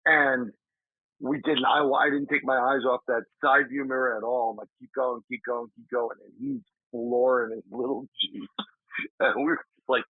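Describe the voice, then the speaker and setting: A man, a paranormal investigator, telling an animated story in a casual interview, acting out his friend's shouts. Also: mid-range voice, unhurried, breathy edge, dry recording. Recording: dry tinny remote call audio.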